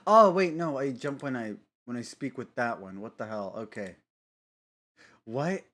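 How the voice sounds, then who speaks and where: With lively intonation and a fairly bright, medium-pitched voice, a man chats at a measured pace on a live stream. He rambles and giggles, frequently cutting himself off mid-sentence.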